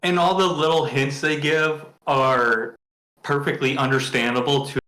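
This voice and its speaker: A man's voice: mid-range voice, fairly even intonation, unhurried, sharp tone, low-quality recording. A man co-hosting a casual movie podcast, mostly agreeing in short replies and swearing now and then. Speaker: podcast co-host. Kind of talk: casual movie review chat.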